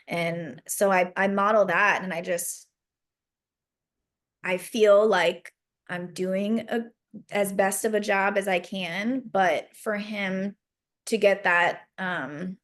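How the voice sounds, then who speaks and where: A woman's voice: medium pitch, fairly even intonation, unhurried. A young adult woman as a podcast guest, talking candidly and earnestly about raising her son, with frequent fillers. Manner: earnest, open, rambling with fillers. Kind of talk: candid interview talk.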